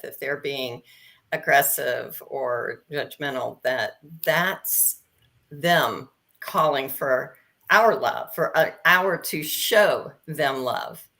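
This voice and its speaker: A woman guest coach speaking calmly and encouragingly in a casual online chat. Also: rumbling low, vocal fry.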